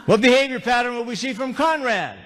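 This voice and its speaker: A man's voice: extremely high pitch, lively intonation, brisk, a bit bright. A man giving a live seminar talk, telling humorous stories and asking the audience questions. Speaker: motivational speaker. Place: large lecture hall with live audience. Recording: long hall reverb.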